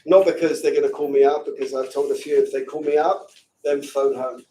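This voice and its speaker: A man giving an emotional Torah lecture to a women's seminary class, swinging from hushed and choked to shouting. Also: mid-range voice, fairly even intonation, brisk, slight background noise. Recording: distant from the mic.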